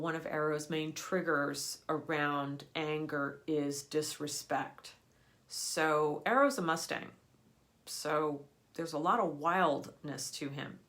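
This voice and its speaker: Woman, energy healer, live teaching talk, earnest, emphatic, slightly low voice. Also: a bit bright. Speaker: energy healer for people and animals.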